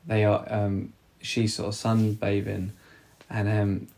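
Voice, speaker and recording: A man talking casually about a film, rambling and halting with many restarts. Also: on the low side, level tone, gravelly, a little mellow.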